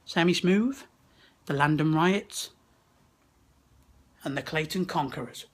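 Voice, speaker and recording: A young vlogger from the West Midlands, England, takes it slowly as he chats and laughs at a wrestling event, swearing often into a camera held at arm's length. His voice is slightly high.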